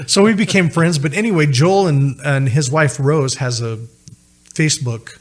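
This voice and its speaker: A man's voice: on the high side, moderate pace. A middle-aged man telling a personal story as a podcast guest, acting out the voices of the people he quotes.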